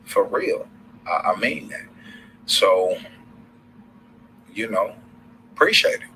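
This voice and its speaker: A man's voice: on the low side, lively intonation, slow pace, bright, forceful tone, slight background noise, rough recording. A man with a Southern accent hosting a casual livestream, rambling loosely in slang with lots of fillers and restarts. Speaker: livestream host.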